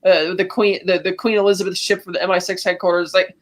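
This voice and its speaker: A woman co-host walks through a film's plot in relaxed, casual chat. She tells it in an animated way, with quick acted-out quotes along the way. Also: on the low side. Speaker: podcast co-host. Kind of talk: casual film recap.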